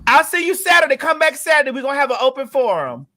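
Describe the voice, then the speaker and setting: A woman hosts a live call-in stream in a high, bright voice. She trades loud, teasing banter with her callers in a casual chat. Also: big pitch swings, fast talker. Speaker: host of a live call-in show.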